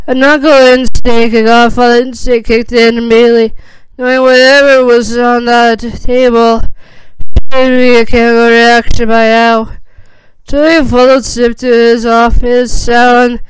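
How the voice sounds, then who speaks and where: Woman reading fanfic out loud, slow n flat, really clear dry mic. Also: a little high, dry recording, rough recording. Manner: slow, even, slightly halting reading. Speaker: narrator. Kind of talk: reading fan fiction aloud.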